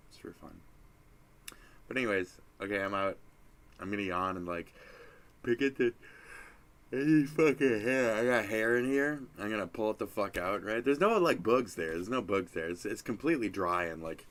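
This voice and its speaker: A drowsy young man with a lowish voice rambles loosely and swears freely, sleepy and yawning as he wraps up his stream. Faint noise sits underneath him. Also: fairly bright tone. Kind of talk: casual rambling sign-off.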